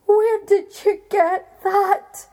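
A woman's voice: lively intonation, unhurried, darkish tone. A woman voicing a big blustering male giant with a Scottish accent, in a told folk tale. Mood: menacing. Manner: booming threats, then shrill frantic begging.

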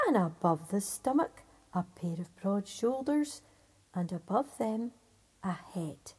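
A woman reading a fairy tale aloud in a soft, whispery, expressive way. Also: on the high side, slightly rough. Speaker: storyteller.

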